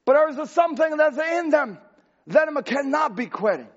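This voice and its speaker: A man preaching a sermon as pastor, impassioned and rising to shouts, with broken grammar. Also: extremely high pitch, animated, moderate pace, highs cut off.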